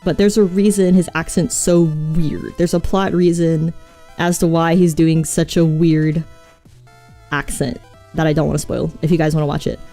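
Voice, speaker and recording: A woman's voice: sits low, fairly even intonation, moderate pace, warm tone, soft background music. A woman streamer in casual chat, rambling about films and answering viewers' messages. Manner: chatty, rambling, reads chat aloud. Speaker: vtuber streamer.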